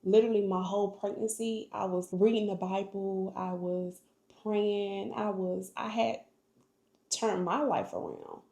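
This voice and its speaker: A woman's voice: mid-range voice, steady tone, unhurried, gravelly, mellow. A young woman vlogger telling her life story in an earnest, emotional, faith-filled way. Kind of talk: personal storytelling vlog. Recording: echoey room.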